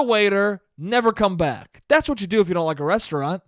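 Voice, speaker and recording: A man hosting a solo podcast, ranting in a profane, exasperated way with sudden loud spikes. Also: high-pitched, lively intonation, brisk, hardly any pauses, no echo, studio quality. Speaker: podcast host.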